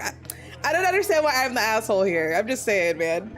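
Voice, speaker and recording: A woman's voice: on the high side, big pitch swings, brisk, faint music behind. Foul-mouthed young woman streamer, indignant. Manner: reads game text aloud, then breaks into loud indignant outbursts; swears a lot, laughs mid-sentence. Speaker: VTuber streamer. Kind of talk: casual gameplay commentary.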